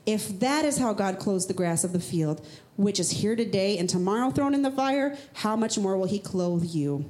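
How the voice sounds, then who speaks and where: Woman preaching, conversational sermon, emphatic, sudden high rhetorical questions, mid-pitched voice. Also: lively intonation, moderate pace, a little mellow. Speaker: pastor. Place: church.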